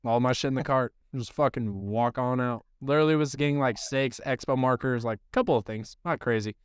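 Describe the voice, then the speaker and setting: Man, podcast co-host, casual profane storytelling, clear voice, dry sound. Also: medium pitch, fairly quick, dry recording. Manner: profane, rambling storyteller who acts out quotes. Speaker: podcast co-host, baseball coach. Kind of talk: casual chat.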